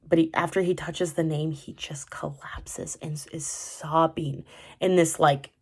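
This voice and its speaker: A woman's voice: low-pitched, fairly even intonation, a little slow, darkish tone. A young woman chatting casually about a TV drama she watched, rambling with many fillers and restarts. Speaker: vlogger reviewing a TV drama. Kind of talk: casual chat.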